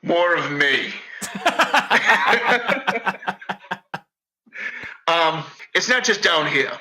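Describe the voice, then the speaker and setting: A man with a thick Boston accent rambles through casual podcast chat, swearing freely and telling stories with animated energy. His voice is very bright and sits a little high. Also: extremely slow, poor audio. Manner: profane, rambling, animated storyteller. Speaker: podcast guest.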